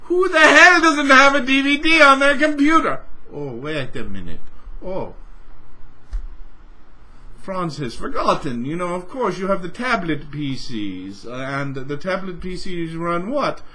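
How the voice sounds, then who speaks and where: A man performing a comic character, an exasperated crank who rants sarcastically and bursts into shouting. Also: high voice, big pitch swings, unhurried, full character voice, rough recording. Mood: sarcastic. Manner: sarcastic rant that swings into shouting. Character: exasperated ranting man, easily outraged. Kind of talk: comedic character rant.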